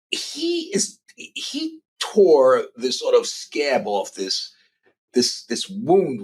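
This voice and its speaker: A middle-aged man, telling profane, lively anecdotes as a journalist guest in a casual interview. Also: mid-range voice, slightly rough. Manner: animated, profane anecdotes with impressions.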